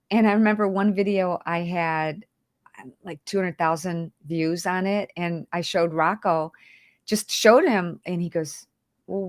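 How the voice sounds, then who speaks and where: A woman with a lowish voice hosts a casual livestream, chatty and emotional, greeting viewers by name while holding back tears. The recording is studio quality with no room sound.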